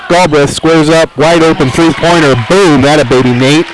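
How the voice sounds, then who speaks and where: A man with a Midwestern American accent calling a high school basketball game play-by-play, briskly following each play. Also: fairly even intonation, slight background noise, poor audio. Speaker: play-by-play announcer. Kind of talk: live basketball commentary. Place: high school gym at an armory.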